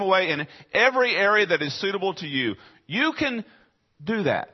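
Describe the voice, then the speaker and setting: A man preaching a sermon as pastor, dropping to quiet asides and then rising to loud, emphatic lines. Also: high-pitched, very animated, normal speed, breathy edge, highs cut off. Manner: dramatic swings between quiet asides and raised emphatic lines.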